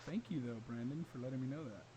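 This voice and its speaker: Man, podcast host, casual chat, upbeat, chatty, medium pitch. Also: fast talker, warm tone, low-quality recording. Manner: upbeat and chatty, laughs often. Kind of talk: casual chat while setting up a livestream.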